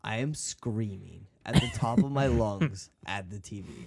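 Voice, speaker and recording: A man co-hosting a casual sports podcast, animated, swearing and laughing often. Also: on the low side, measured pace, vocal fry, breathy edge. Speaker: podcast co-host.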